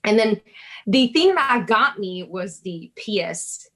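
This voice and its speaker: A woman telling a personal story in casual chat, lively, swearing and laughing, acting out her own past words. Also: medium pitch, slow pace.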